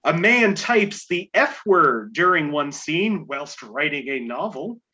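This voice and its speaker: A man's voice: fairly high pitch, big pitch swings, takes it slowly, pushed and bright, muffled recording. A man hosting a casual podcast game show, reading clues aloud with playful asides and chuckles.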